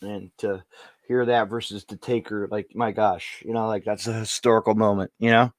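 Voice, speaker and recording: A man's voice: on the low side, flat delivery, moderate pace, no echo. Rambling, laughing podcast host man. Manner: rambling, laughing, full of "you know". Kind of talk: casual chat.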